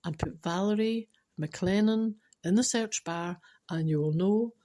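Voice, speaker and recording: Speaking unhurriedly in a warm, mid-range voice, a woman from Scotland tells casual jokes with a dry wit. Her chatty, informal storytelling includes restarts and moments where she laughs at herself.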